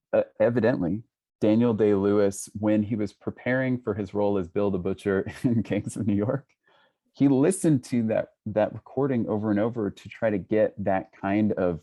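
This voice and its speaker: A man talking as a guest scholar on a video call, thoughtful and hesitant, with frequent restarts and soft laughs. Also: on the low side. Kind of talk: casual conversation on a video call.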